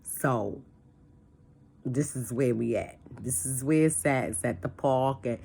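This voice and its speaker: A creaky, extremely low female voice takes its time, with slight background noise behind it. Leading a church discussion, she chats casually and plainly, repeats what she's said, and acts out phone calls and conversations in an animated way.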